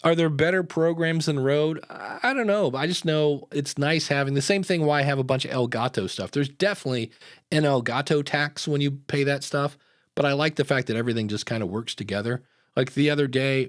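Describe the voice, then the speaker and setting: A man's voice: mid-range voice, no echo, studio quality. A man hosting a live podcast, talking in a rambling, jokey, upbeat way. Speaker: podcast host. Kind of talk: casual live chat.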